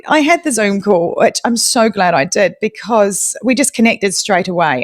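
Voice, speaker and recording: A young woman with a New Zealand accent, a podcast guest telling her story in a lively, self-deprecating way with frequent laughter. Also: on the low side. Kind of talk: live audio chat.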